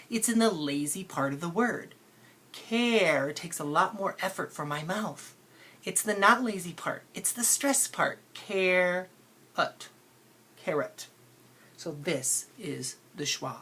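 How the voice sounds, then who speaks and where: A woman's voice: fairly low pitch, fairly bright tone, a little hiss or hum. A woman teacher giving a phonics lesson to children, patient and playful, stretching out sounds to show how words are said.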